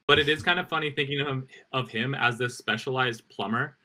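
A man with a mid-range, pushed and bright voice co-hosts a casual podcast chat about tabletop games at a brisk pace. He rambles with many fillers and laughs frequently.

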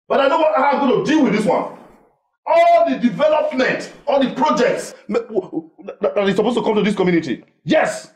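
An actor with a Nigerian accent playing a boastful, self-important politician who blusters and threatens. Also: male voice, very high voice. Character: boastful pompous male big-shot politician. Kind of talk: comedic film acting.

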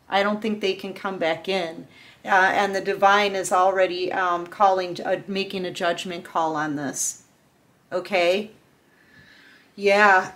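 Earnest woman tarot reader. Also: medium pitch. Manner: earnest, heartfelt, talks straight to the viewer; loose and chatty with fillers. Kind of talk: casual collective tarot reading.

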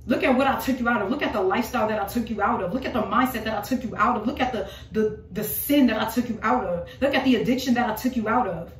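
A woman preaches an informal prophetic word with emphatic, repeated phrases and pointed rhetorical questions. Her fairly high voice carries through a roomy space. She sits some distance from the microphone. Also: fast, few pauses. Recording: roomy voice from off the mic.

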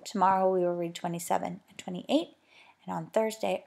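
A woman teacher reading a children's book aloud in an expressive, animated way. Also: fairly low pitch, brisk, vocal fry.

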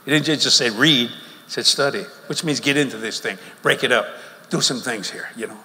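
Animated preacher in a big hall. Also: male voice, mid-range voice, a little fast. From Louisiana, USA. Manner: folksy, animated, laughing between lines. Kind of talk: sermon. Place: large church auditorium. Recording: long hall reverb with faint crowd ambience.

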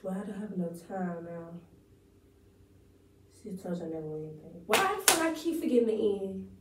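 A woman's voice: mid-range voice, expressive, a little fast, echoey room, far from the mic, a little hiss or hum, close to an everyday voice, poor audio. A woman performing a monologue as a breathless, overexcited young woman who thinks she has won a prize. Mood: let down. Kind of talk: rehearsed acting-class monologue.

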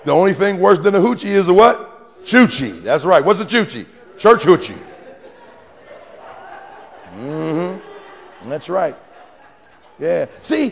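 A male pastor preaching to his congregation with call-and-response and playful teasing, swinging between sudden shouts and quiet asides. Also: sits high, creaky, long reverb tail. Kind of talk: sermon. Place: church sanctuary with congregation.

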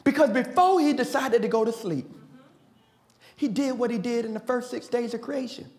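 High-voiced man preaching in echoey church. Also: normal speed. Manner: call-and-response preaching, builds to shouting; folksy, joking asides. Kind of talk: sermon. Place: large church auditorium. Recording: echoey church hall with faint music.

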